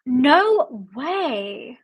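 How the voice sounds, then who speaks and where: Woman, book club host, casual livestream chat, rambling, giggly, fairly high voice. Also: very animated, very slow, breathy edge. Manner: chatty, giggly, rambling with many fillers.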